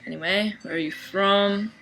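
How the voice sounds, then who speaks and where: A young woman from Sydney with an Australian accent, talking casually to her camera in a deadpan, dry way. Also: medium pitch, normal speed, slight background noise, low-quality recording. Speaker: vlogger. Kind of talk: casual accent-challenge video.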